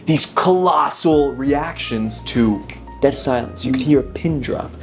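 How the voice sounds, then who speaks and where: A man's voice: mid-range voice, unhurried, a little mellow, soft background music. A man in his thirties, a magician, talking reflectively as an interview guest, with frequent restarts. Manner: thoughtful, many restarts, leans on 'inevitably'. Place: dinner table.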